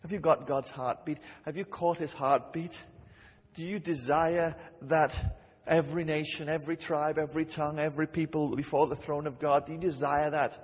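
Husky impassioned preacher man, reverberant hall. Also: on the high side, fairly even intonation, moderate pace, dull audio. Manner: impassioned, repeats phrases for emphasis. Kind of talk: sermon.

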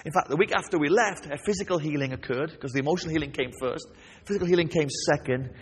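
A man preaching a sermon, lively, often asking the congregation questions. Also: a little high, fast, breathy edge. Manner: animated, asks the congregation questions. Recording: long reverb of a large hall.

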